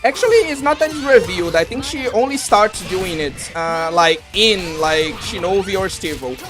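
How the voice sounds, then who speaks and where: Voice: mid-range voice, expressive, normal speed, music in the background. A game streamer chatting casually with viewers while playing, rambling with lots of fillers and restarts and joking loosely with the chat.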